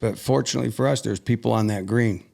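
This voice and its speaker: A man's voice: fairly low pitch, quick pace, vocal fry, a little mellow. A man, a podcast guest, telling a personal story in an earnest, emotional way, often restarting his sentences.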